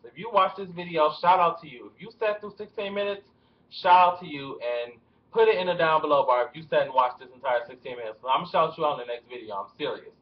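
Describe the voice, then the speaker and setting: A young man rambling through celebrity gossip in a casual vlog, with nervous laughter, recorded with dull lo-fi webcam sound in a room at home. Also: fairly high pitch. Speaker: vlogger.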